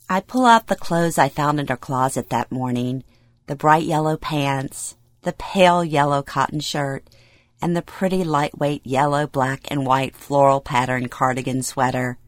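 Woman reading a memoir in a low, dry voice. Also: a little slow, dry recording. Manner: present-tense storytelling, emotional acted dialogue. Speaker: memoir narrator. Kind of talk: first-person memoir reading.

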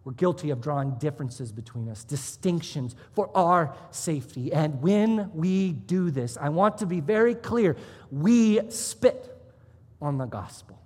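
A man's voice: a little high, animated, normal speed, few pauses, a little mellow, breathy edge, long reverb tail. A man serving as pastor, preaching a sermon in a church with emphatic rises and drops in his delivery. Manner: emphatic, rising and dropping for emphasis. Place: church sanctuary.

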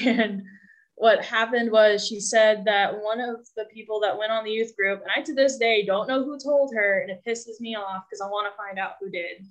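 A woman's voice: mid-range voice, moderate pace, a bit bright. Young woman guest, candid and rambling with wry humor, medium voice, dull lo-fi audio. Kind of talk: personal storytelling. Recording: dull lo-fi sound.

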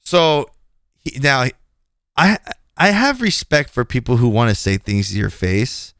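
A man's voice: medium pitch, measured pace, smooth, no room sound, clean studio sound. A man on a podcast, frankly telling a story about a clash at work and acting out what each person said. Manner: animated, frank, quotes people in dialogue. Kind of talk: casual storytelling. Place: podcast studio.

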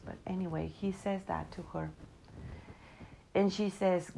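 A woman telling a spiritual story in a reflective, unhurried way, in English that is not her first language. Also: fairly low pitch, fairly even intonation, vocal fry, warm tone, low-quality recording. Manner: unhurried, reflective, non-native English grammar.

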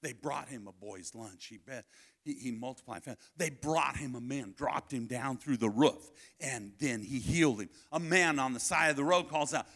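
A man preaching a sermon at a family camp, telling a personal story, swinging between loud calls and hushed asides. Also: mid-range voice, moderate pace.

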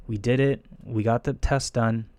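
A young man telling a casual, profane story about taking a firefighter test, rambling and animated with frequent restarts. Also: medium pitch, moderate pace, no room sound. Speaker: firefighter candidate.

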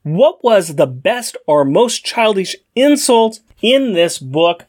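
An upbeat man co-hosting a casual podcast chat. His voice sits a little high and swings a lot as he talks. He keeps the segments moving along. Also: lively intonation, slow pace, darkish tone. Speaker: podcast co-host.

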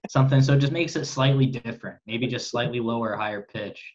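A man's voice: medium pitch, fairly even intonation, fast talker, darkish tone. A man in his twenties, a guest comedian joining by video call, talking casually and packing his sentences with "like". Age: 20s. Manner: filler-heavy, lots of "like", laughs easily. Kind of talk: casual chat. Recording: dull lo-fi call audio.

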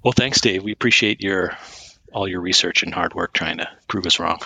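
A man's voice: sits low, moderate pace, creaky, sharp tone, breathy edge. A man co-hosting a podcast, chatting casually with a dry, teasing manner. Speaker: podcast co-host. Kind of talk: casual chat.

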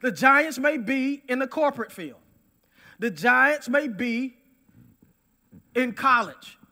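A male preacher with an unusually high and very bright, piercing voice. He hammers his points with repeated phrases and moves between loud declarations and near-hushed asides, in full sermon delivery. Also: animated, takes it slowly.

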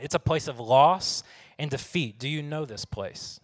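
A man's voice: a little high, normal speed. A man, preaching a conversational sermon to his congregation and asking them questions. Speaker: pastor. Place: church sanctuary. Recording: long hall reverb.

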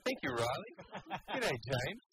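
A man's voice: a little high, sing-song, unhurried, over a noisy crowd. A man co-hosting comedy radio and taking calls, upbeat and jokey. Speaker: radio co-host.

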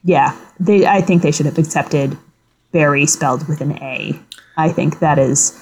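Podcast co-host, woman, careful, measured recap voice. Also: low-pitched, darkish tone, breathy edge. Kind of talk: casual podcast chat, reading quiz clues aloud.

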